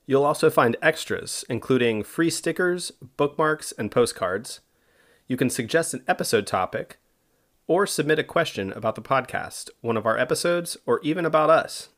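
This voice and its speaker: A male podcast host tells a history story from a script, reading the prepared narration steadily, then bantering loosely between passages. His medium-pitched voice is animated and a bit bright, at normal speed.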